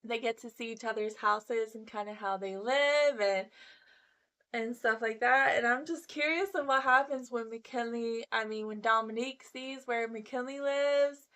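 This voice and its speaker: Chatty woman with a higher voice. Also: a little slow, a bit bright. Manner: chatty, gossipy, acts out quotes. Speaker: recap vlogger. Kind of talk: casual reality-show recap.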